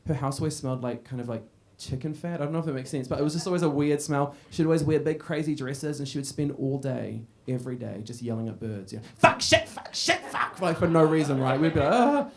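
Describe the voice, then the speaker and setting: A man's voice: mid-range voice, quick pace, vocal fry, few pauses, darkish tone. A man doing a stand-up set in a club, brash and crowd-teasing, swearing freely and laughing. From Australia. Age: 30s. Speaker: stand-up comedian. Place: comedy club stage.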